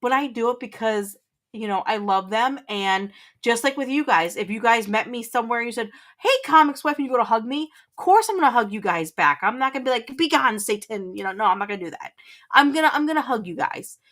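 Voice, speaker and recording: A woman's voice: fairly high pitch, animated, fast, fairly bright tone. A woman hosting a casual livestream, reading chat aloud, teasing and laughing often, rambling with restarts. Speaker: livestream host.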